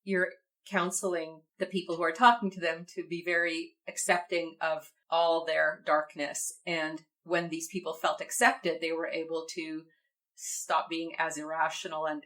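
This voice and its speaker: A woman hosting an interview, responding to her guest with warm, affirming comments. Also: sits low, little pitch movement, moderate pace, rough recording. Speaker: podcast host. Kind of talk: interview conversation.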